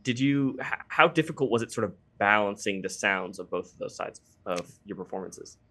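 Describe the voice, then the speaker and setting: A man's voice: lowish voice, expressive, fairly quick, bright, forceful tone. A man in his twenties interviewing two actors, asking long questions with hesitant restarts.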